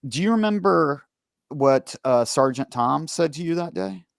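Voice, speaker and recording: A man hosting a true-crime podcast interview, asking steady questions and recounting his side of events. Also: on the high side, a little slow, vocal fry, dry recording, studio quality. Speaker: podcast host, former police officer. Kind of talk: conversational interview.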